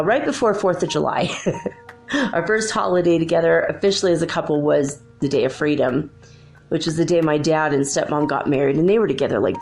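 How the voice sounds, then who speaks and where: A woman's voice: sits low, creaky, darkish tone. A woman hosting a show, telling a personal ghost story in a casual, chatty way and acting out the quoted dialogue. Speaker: podcast host.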